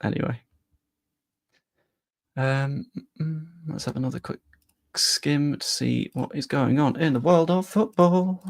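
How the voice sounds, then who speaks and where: A man's voice: a little high, measured pace, creaky, pauses often. A young man chatting casually on a live stream about football, rambling with self-deprecating asides.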